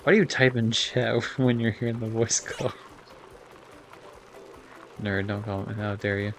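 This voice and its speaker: Lowish and fairly even in intonation, this young man's voice keeps a measured pace while he streams a kart racer. His casual gameplay commentary rambles, full of fillers and swearing, over slight background noise.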